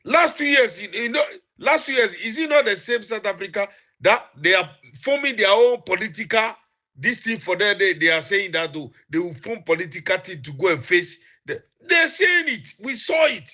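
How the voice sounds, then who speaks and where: A man's voice: high voice, expressive, moderate pace, pushed and bright. A man ranting in an accusing way, repeating rhetorical questions. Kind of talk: heated rant.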